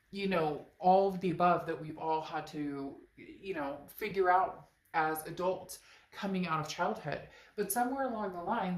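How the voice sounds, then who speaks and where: A woman's voice: on the low side, echoey room. A woman with a stuffed-up nose giving a chatty, emphatic tarot reading straight to her viewers. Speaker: tarot reader.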